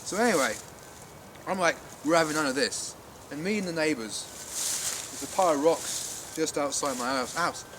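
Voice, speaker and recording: Man as rambling villager, fairly high-pitched, heavy background noise. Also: moderate pace, lightly acted. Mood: excited. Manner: rambling, animated, full of restarts. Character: excitable male villager recounting a siege.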